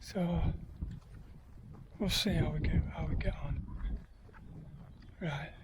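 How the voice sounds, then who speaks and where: High-voiced tired man rambling. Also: fairly even intonation, slow pace, background noise. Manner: rambling, hesitant, many ums and restarts. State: worn out after heatstroke. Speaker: ultra runner vlogging his race. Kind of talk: casual self-filmed vlog.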